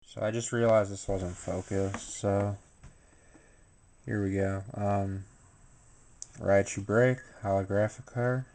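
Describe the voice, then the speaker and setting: Tired man, deep flat delivery, slow pace; casual unboxing vlogger. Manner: low-key, unhurried commentary with filler words. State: tired and sleepy. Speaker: YouTuber opening a card pack.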